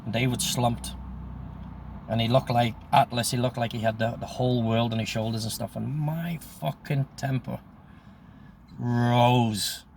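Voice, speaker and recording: Man, 60s, casual storytelling, blunt, lots of swearing, monotone delivery. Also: mid-range voice, fairly quick, slight background noise. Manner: blunt, heavy swearing, repeats "I says" when quoting. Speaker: storyteller recounting his own life.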